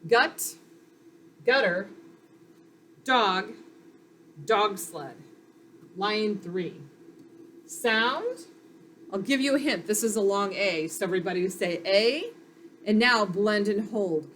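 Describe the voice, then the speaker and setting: A woman teacher leads a phonics lesson for young children, sounding out each letter slowly and patiently. Her encouraging delivery is unhurried, with a faint hiss of background noise. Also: mid-range voice, lively intonation, fairly bright tone.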